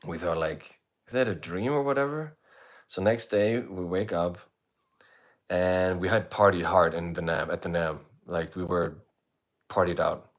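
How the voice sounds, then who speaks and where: A man's voice: sits low, steady tone, measured pace. A middle-aged man who plays in a band, chatting casually on a livestream and telling a long, rambling story with free swearing. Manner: laid-back, rambling, swears freely, reads out viewer comments. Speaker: musician hosting a livestream. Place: indoors, streaming while away on travel.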